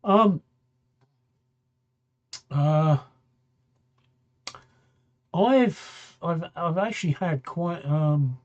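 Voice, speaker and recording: A man's voice: a little high, very slow, pauses often, muffled recording. Sixty-something man, chatty streamer. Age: 60s. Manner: rambling, repeats phrases, answers viewer comments. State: tired, yawning late at night. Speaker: talk show host. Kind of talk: casual live-stream chat.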